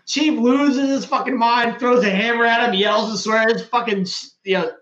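A man hosting a podcast, casually telling profane, animated stories. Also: very high voice, normal speed, reverberant, muffled recording, crowd noise. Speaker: podcast host. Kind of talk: casual chat.

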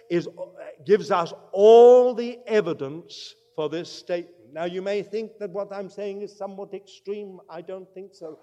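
A man preaching a sermon, emphatic, swinging from loud declarations to quiet asides. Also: sits high, long reverb tail.

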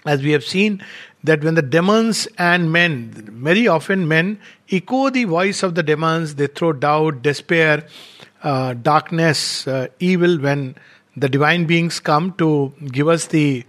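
A spiritual teacher, a man, reads poetry aloud and explains it in a measured, reflective way, pausing often. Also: on the high side, fairly bright tone.

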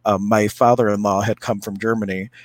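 A man's voice: lowish voice, flat delivery, fairly quick, dry recording. A man co-hosting a casual spiritual chat, telling stories in a rambling way with many restarts. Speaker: co-host, energy healer.

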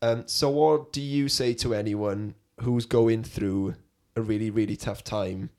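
A man's voice: lowish voice, fairly even intonation, a little slow, a little mellow. A man hosting a podcast, asking thoughtful questions in an earnest way. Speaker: podcast host. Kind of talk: casual interview.

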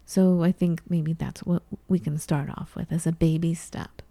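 A woman with a fairly low, mellow and warm voice, chatting as a co-host. She tells personal stories in a lively way and acts out the back-and-forth of conversations. The sound is dry and close. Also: moderate pace, vocal fry, no room sound. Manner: storytelling, animated retelling of conversations. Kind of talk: casual chat.

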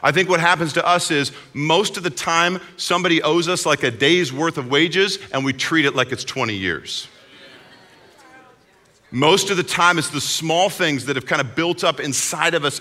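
A man preaching a sermon as pastor, in a conversational, animated way, recorded in a large hall. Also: on the high side. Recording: long hall reverb.

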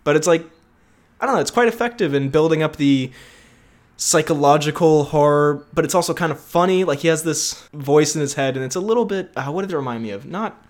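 A man's voice: on the high side, a little fast. A young man co-hosting a podcast in casual chat, rambling and jokey, laughing often. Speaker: podcast co-host.

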